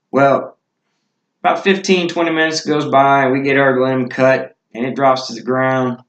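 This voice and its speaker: A man's voice: medium pitch, a bit bright, echoey room, rough recording. A man telling stories in a casual, rambling way with many fillers. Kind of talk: casual storytelling.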